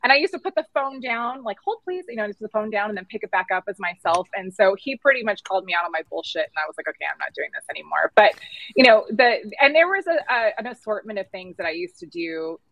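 A middle-aged woman, a podcast guest, telling her career story in a candid, animated way. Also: medium pitch, fast talker, dry recording, highs cut off. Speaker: podcast guest, agency founder. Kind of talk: casual interview storytelling.

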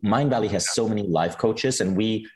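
A man hosting a podcast interview who speaks in a measured way, summing up points and guiding the questions. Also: on the low side, a little mellow. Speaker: podcast host.

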